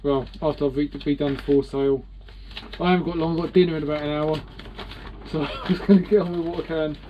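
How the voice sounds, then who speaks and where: A man's voice: on the high side, steady tone, brisk, muffled recording, slight background noise. Chatty British man vlogging from his boat. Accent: British English. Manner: rambling, chatty, self-mocking. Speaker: sailing vlogger. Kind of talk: casual vlog to camera.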